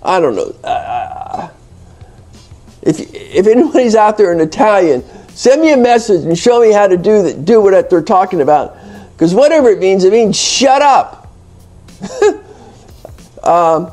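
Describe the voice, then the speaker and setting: A man's voice: high-pitched, big pitch swings, unhurried, pauses often, a little mellow. An American man hosting a casual spoken English lesson, rambling and playfully teasing his viewers, with lots of fillers and restarts. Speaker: English teacher and channel host. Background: faint background music.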